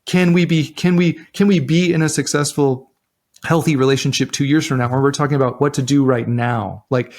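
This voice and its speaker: A man's voice: medium pitch, steady tone, brisk, darkish tone. Earnest man giving relationship advice. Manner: earnest, with frequent restarts and repeated words. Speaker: relationship podcast co-host. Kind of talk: casual advice chat.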